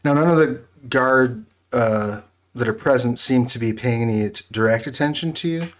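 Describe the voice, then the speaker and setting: Male game master, relaxed, fills pauses with "uh" and "um", mid-range voice. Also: mid-range voice. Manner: relaxed, halting, many fillers. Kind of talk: narrating a tabletop game.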